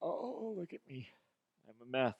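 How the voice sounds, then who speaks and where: A man's voice: on the high side, sing-song, measured pace, slightly rough, no echo, dull audio, pitched above the performer's own voice, heavily acted. A man putting on the voice of a self-pitying male CEO rehearsing a tearful speech, whiny and theatrical. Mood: whiny, flustered.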